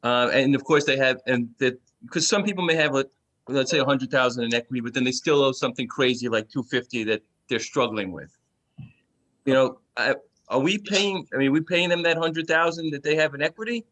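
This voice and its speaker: A man in a live class puts a question to the instructor, his voice of ordinary middle pitch. He hesitates, restarts and feels his way through what he wants to ask. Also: a little fast, fairly bright tone, slight background noise. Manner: hesitant, searching for words. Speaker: student asking a question.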